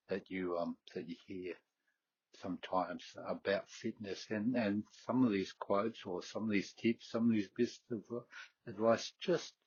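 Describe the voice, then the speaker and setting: A man's voice: on the low side, breathy edge, no echo, muffled recording. A middle-aged man with a Queensland Australian accent hosting a fitness podcast, rambling with many fillers and restarts. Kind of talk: casual solo talk.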